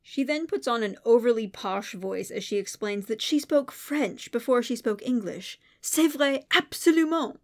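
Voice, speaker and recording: A woman's voice: on the high side, normal speed, few pauses, darkish tone. A woman giving an enthusiastic, detailed scripted narration of a film review.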